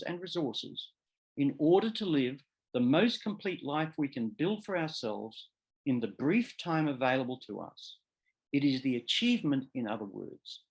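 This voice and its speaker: A man, a law professor, giving a measured academic seminar lecture that explains ideas step by step and sometimes corrects himself. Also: fairly high pitch, poor audio. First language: English. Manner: measured, explanatory, repeats key terms; occasional self-corrections.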